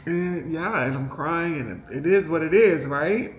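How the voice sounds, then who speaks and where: A woman's voice: low voice, unhurried, a little hiss or hum. Rambling emotional woman vlogger. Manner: rambling and emotional, many fillers, talks to viewers directly. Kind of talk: casual storytelling vlog. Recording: echoey room with faint music behind.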